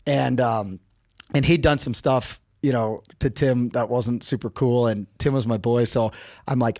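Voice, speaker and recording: At a measured pace, in dry studio-quality audio, a middle-aged American man tells a casual story as a guest on a podcast. His delivery is animated, with quotes acted out through lively pitch jumps.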